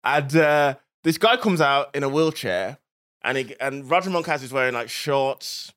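A man co-hosting a comedy podcast, telling anecdotes in a casual, animated, swearing manner. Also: medium pitch, moderate pace. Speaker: podcast co-host. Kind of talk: casual comic storytelling.

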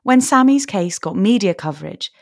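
A woman giving measured, sombre scripted narration as a podcast narrator. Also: medium pitch, expressive, no echo, studio quality. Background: soft music.

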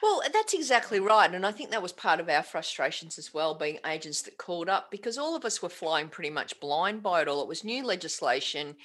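An Australian woman speaks as a tax agent in a relaxed interview. She talks with a bright, forceful edge at a slightly low pitch. She rambles and often restarts her sentences mid-thought. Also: brisk, hardly any pauses. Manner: rambling, frequent restarts and self-corrections. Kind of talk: candid interview chat.

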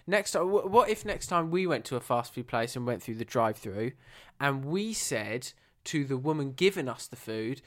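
A man's voice: medium pitch, lively intonation, normal speed, hardly any pauses, a bit bright. A man hosting a podcast in casual chat, laughing often and repeating himself as he talks. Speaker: podcast host.

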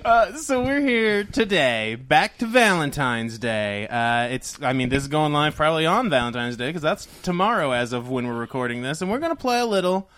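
A man's voice: fairly high pitch, sing-song, moderate pace, few pauses, fairly bright tone. A man co-hosting a comedy podcast, talking casually and joking with frequent laughs. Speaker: podcast co-host.

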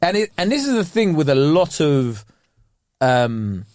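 A young man trades casual podcast banter. His pitch sits a touch high and swings widely as he slips into mocking voices. The sound is dry and close. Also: unhurried, no room sound. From England. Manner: animated, mimics voices, slangy banter. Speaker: podcast co-host. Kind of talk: casual chat.

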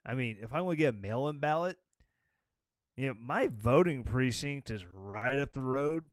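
A man's voice: medium pitch, expressive, normal speed, no room sound, clean studio sound. A man hosting his own talk show, ranting in a rambling, sarcastic way. He sounds tired. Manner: sarcastic, rambling, with mocking quoted voices. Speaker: show host. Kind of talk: casual political rant.

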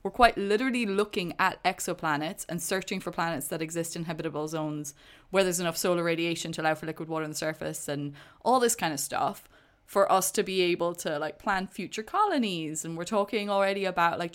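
A woman co-hosting a casual film chat, enthusiastic and sweary, eager to share fun facts. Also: lowish voice. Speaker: podcast co-host. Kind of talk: casual chat about films.

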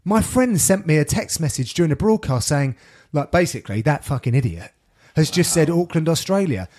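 A man hosting a podcast, telling stories in casual chat with animated, sweary delivery. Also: on the high side, brisk. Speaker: podcast host and sports commentator.

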